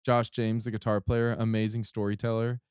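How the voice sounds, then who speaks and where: Smooth-voiced man guesting on a podcast. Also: on the low side, fairly quick, no echo, clean studio sound. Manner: relaxed anecdote teller, easy laughter. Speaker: podcast guest, touring musician. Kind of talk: casual chat.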